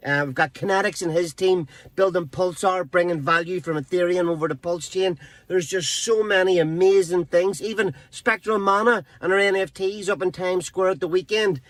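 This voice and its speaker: An Irish man delivering a hyped, swearing motivational speech in a fairly high voice. The sound is dry and close, with no room behind it. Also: steady tone, a bit bright, no room sound. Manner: emphatic, profane, drawn-out phrases.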